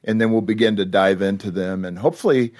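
A man's voice: lowish voice, quick pace, no echo, studio quality. A middle-aged man hosting a talk show, chatting casually and joking with his guests. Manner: lively, joking, laughs easily. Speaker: radio show host.

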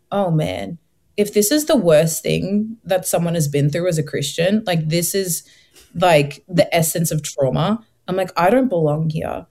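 A young woman, telling her faith story as an interview guest, earnest and animated, acting out her past thoughts. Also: lowish voice. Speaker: guest sharing her testimony. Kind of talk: emotional personal testimony.

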